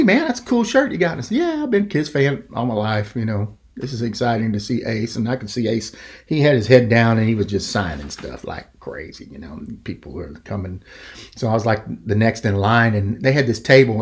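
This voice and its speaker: A middle-aged man hosting a podcast, telling a story in a rambling, animated way and acting out the quoted voices. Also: medium pitch. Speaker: podcast host. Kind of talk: casual storytelling.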